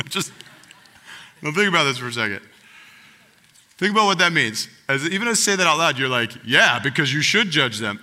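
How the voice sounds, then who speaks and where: A man's voice: mid-range voice, sharp tone, long reverb tail. A man preaching a sermon, speaking earnestly and directly to the congregation as their pastor.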